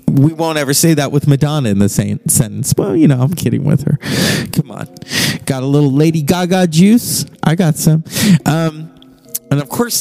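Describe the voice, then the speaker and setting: A man's voice: on the high side, vocal fry, a little mellow. A man hosting a podcast in a casual, irreverent monologue, swearing freely and slipping into mock voices. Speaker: podcast host.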